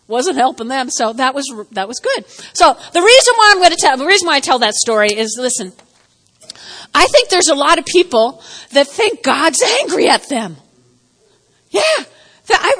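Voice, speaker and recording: A woman pastor delivers a sermon in a high voice, swinging between soft asides and loud exclaims. She tells stories with laughter and an animated, lively delivery.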